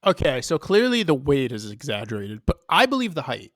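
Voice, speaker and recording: A man from the Boston area co-hosting a wrestling podcast in casual chat, joking and swearing with quick riffs. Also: medium pitch, very animated, a bit bright, no room sound, clean studio sound. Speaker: podcast co-host.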